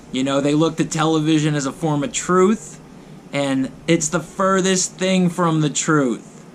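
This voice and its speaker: Brief: a male vlogger on a blunt, repetitive rant, voice on the higher side. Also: a little hiss or hum. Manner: blunt, mocking, emphatic with repeated phrases. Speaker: vlogger host. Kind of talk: ranting commentary to camera.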